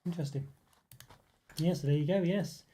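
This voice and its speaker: A man hosting a casual live stream, chatting with viewers and reading their comments aloud. His voice sits a little high but sounds dark and mellow. He muses aloud and fills pauses with easy fillers. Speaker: livestream host reading chat.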